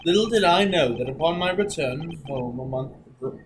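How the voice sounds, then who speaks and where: A man's voice: fairly high pitch, expressive, normal speed, a little hiss or hum. A man streaming a game, talking in a casual, crude, self-mocking way and swearing freely. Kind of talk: casual let's-play commentary.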